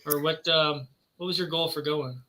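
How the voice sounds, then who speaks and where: Bright-voiced man asking follow-ups. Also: a little high, steady tone, normal speed. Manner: asks probing follow-up questions. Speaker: acquisition editor, co-host. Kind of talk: casual live-stream chat.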